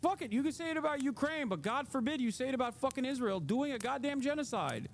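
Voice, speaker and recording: A high-pitched man in his thirties rants furiously on a live stream and swears freely as he reacts to a clip. His voice sits well above the usual male range. A faint hiss runs under the audio. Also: expressive, fast. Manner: heated, profane ranting.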